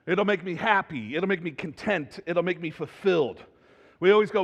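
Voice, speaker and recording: A man preaching a sermon as pastor, in a conversational, animated way that builds to loud emphasis. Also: on the high side, moderate pace, creaky, long pauses, lo-fi sound. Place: church sanctuary. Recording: reverberant church hall.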